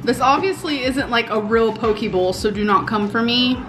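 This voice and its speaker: A woman in her thirties chatting casually to her viewers at home, unhurried and full of "um" and "like". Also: a little high, background noise. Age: 30s. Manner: unhurried, chatty, many fillers like "um" and "like". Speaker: vlogger. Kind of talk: casual vlog chat.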